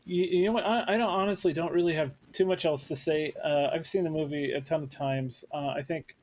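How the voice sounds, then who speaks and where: A man on a podcast, talking hesitantly with many pauses and ums. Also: fairly high pitch, darkish tone. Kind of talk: casual chat.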